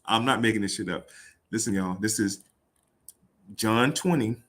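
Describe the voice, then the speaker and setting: A man's voice: fairly low pitch, moderate pace, a bit bright. A man reading a Bible passage aloud and riffing on it in casual, irreverent talk, swearing and laughing. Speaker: host.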